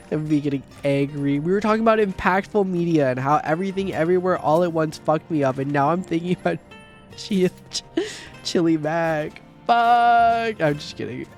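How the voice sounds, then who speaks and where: A man in his thirties chatting casually on a game livestream, rambling and swearing, with sudden loud outbursts. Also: a little high, soft background music. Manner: profane, rambling, quick bursts of shouting. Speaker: streamer. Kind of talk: casual livestream chat while gaming.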